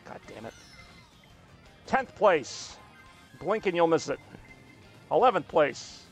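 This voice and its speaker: A man's voice: fairly high pitch, big pitch swings, slow, husky, faint music behind. A young man streaming a racing game, chatting loosely, joking and reacting to comments from his chat. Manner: rambling, jokey, reacting to chat.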